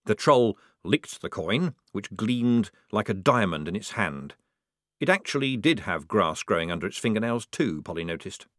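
A man narrating a comic fantasy audiobook in a measured, dry, expressive way. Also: lowish voice, no room sound.

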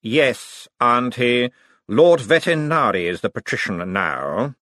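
A man's voice: mid-range voice, lively intonation, slow, bright, forceful tone, no echo, clean studio sound. A man voicing a stiff, proud aristocratic man who speaks sternly and in clipped phrases, in an audiobook. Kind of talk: audiobook character voice.

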